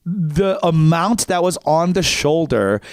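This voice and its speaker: A man's voice: on the high side, slow pace, clean tone, dry recording, studio quality. A man co-hosting a podcast, telling a funny story in a loose, chatty way, swearing freely. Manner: animated, swears freely, breaks into laughter. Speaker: podcast co-host. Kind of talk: casual comedic storytelling. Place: podcast recording setup.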